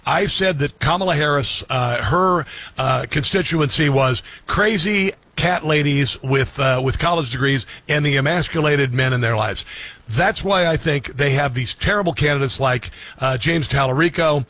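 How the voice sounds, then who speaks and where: A man hosting a political talk show, speaking quickly with many fillers and a scoffing tone. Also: a little high, fairly bright tone. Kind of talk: opinionated commentary.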